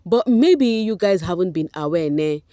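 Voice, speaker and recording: This vlog host is a woman with a Nigerian accent and a fairly low voice, speaking at normal speed. She reads out fan posts in casual gossip commentary, lively and chatty, addressing her audience as "guys." Studio-quality sound, no room noise.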